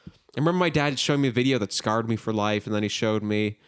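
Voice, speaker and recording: A man hosting a podcast in casual chat, telling lively stories with plenty of filler words. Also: fairly low pitch, quick pace, clean tone. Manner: animated storyteller, lots of filler "like". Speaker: podcast host.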